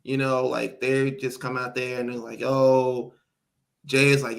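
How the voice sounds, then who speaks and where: A man's voice: medium pitch, unhurried, gravelly. A man co-hosting a podcast in casual chat, animatedly recapping a wrestling match and acting out what people said. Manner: animated recapping, acts out quotes. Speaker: podcast co-host.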